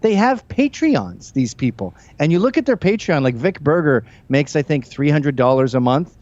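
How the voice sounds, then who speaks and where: A male guest on a comedic talk show, making blunt, scornful, deadpan put-downs. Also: on the high side, normal speed, lo-fi sound.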